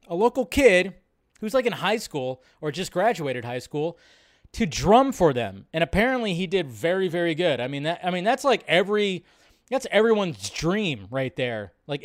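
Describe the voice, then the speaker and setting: A man hosting a casual livestream, reacting to posts in an excitable, profane, rambling way with many restarts. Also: high-pitched, no room sound, clean studio sound. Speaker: livestream host.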